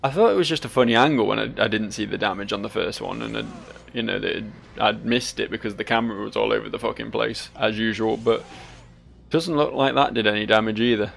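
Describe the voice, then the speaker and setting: A man's voice: lowish voice, fairly quick, vocal fry, fairly bright tone, faint music behind. A sleep-deprived man, giving rambling, sweary gameplay commentary full of self-mocking asides. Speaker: let's play host.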